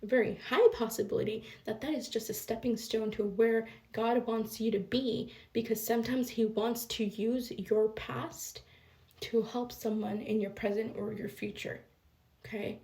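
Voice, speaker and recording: Young woman, vlogger, fairly high voice, gravelly fry, fast and animated, tired late at night. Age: young adult. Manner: fast, animated and emphatic, often adding "okay?". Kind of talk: casual storytelling to camera.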